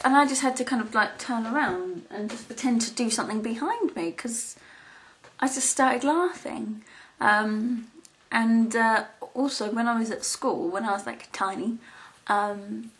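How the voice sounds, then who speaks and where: Young woman, slightly high voice, casual rambling vlogger, giggly. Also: normal speed. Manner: rambling and giggly, many ums and restarts. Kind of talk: casual chat to camera.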